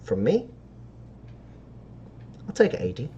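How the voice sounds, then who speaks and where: A man's voice: mid-range voice, wildly swooping pitch, slow pace, dark tone, dull audio, slight background noise. A man voicing a sly woman street dealer who talks in wheedling sales patter.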